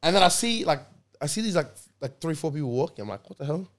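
A young man telling a story in casual chat with friends, animated and laughing, full of slang. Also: on the high side, fast, noisy background.

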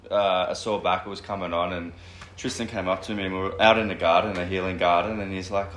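A man's voice: sits low, fairly quick, echoey room, slight background noise. A man co-hosting a podcast, chatting casually and retelling a conversation with lots of "I'm like.". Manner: relaxed, retells dialogue with many "I'm like". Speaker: podcast co-host. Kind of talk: casual chat, storytelling.

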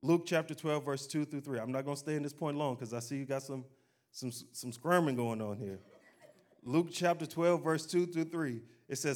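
Folksy preacher man, fairly high voice. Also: moderate pace. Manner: exhorting, call-and-response preaching; conversational, folksy, acts out quotes. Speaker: pastor. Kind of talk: sermon.

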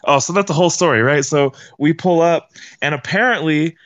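A young man guest on a podcast, telling a party story in a casual, slangy, animated way. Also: fairly high pitch, brisk, no room sound.

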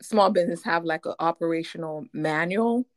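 A woman's voice: on the low side, moderate pace. Playful woman with a Haitian French accent. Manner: playful, expressive storyteller. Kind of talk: casual chat.

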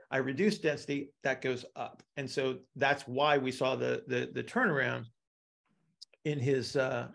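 Gravelly man teaching with analogies. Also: medium pitch, a bit bright. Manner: explains with analogies, keeps checking in with "right?". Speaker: instructor. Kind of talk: teaching a live class.

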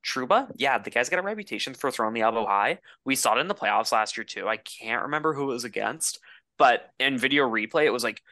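A man's voice: mid-range voice, lively intonation, fast talker, bright, forceful tone, dry recording. A man co-hosting a hockey podcast in casual chat, emphatic and full of "like" and "dude". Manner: emphatic, filler-heavy, says "dude" and "like". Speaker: podcast co-host.

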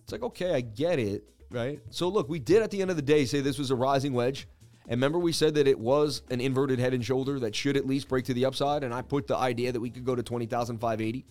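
A man's voice: medium pitch, fast talker, darkish tone, soft background music. A man in his thirties hosting a crypto trading livestream, rambling through charts in casual chat and laughing at his own jokes.

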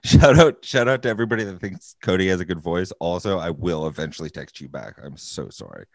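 A man's voice: low voice, expressive, fairly quick, dry recording. A young man co-hosting a podcast, rambling and self-mocking in casual chat. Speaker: podcast co-host.

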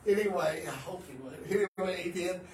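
Man, pastor, animated storytelling, echoey room, mic set back. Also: sits high, fairly quick. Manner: animated storyteller, swings from hushed to loud. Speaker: pastor, podcast co-host. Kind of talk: casual religious podcast chat. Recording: roomy, distant mic, faint noise.

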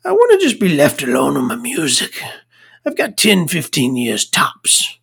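A woman's voice: low-pitched, wildly swooping pitch, measured pace, vocal fry, a bit bright, breathy edge, exaggerated voice. A woman putting on the voice of a grumpy older man who bluntly brushes someone off. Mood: irritable. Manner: blunt, irritable and dismissive.

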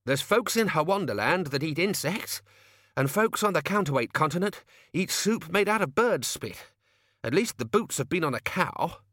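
A man's voice: on the high side, lively intonation, moderate pace, fairly bright tone, no echo, clean studio sound, voice pushed up. A man voicing an exasperated male tavern manager who blusters. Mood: blustering.

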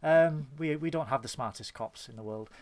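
A man's voice: mid-range voice, normal speed, a little mellow. A British man hosting a casual podcast chat, telling rambling, joking anecdotes and laughing often. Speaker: podcast host.

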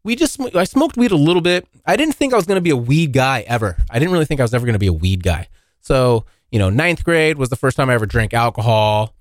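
A young man tells a rambling, profane story on his own podcast, his pitch swinging widely as he acts out the scenes. The sound is dry and close, with little room behind him. The talk stays loose and casual. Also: quick pace, no echo. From Washington State, US. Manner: rambling, profane, animated when acting out scenes. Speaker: podcast host.

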